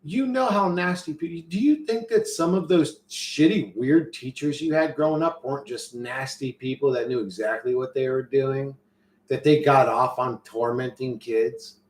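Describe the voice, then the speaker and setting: A man talks in a loose, profane, slang-heavy ramble, restarting his sentences as he goes. He sounds like a casual stream host chatting with viewers, and his voice bounces around a roomy, echoey space. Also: medium pitch. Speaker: livestream host reading chat. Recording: roomy echo.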